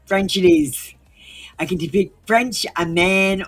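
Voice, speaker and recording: A woman's voice: fairly low pitch, takes it slowly, soft background music. An Australian woman hosting a live stream, chatting casually and rambling with frequent ums and laughs.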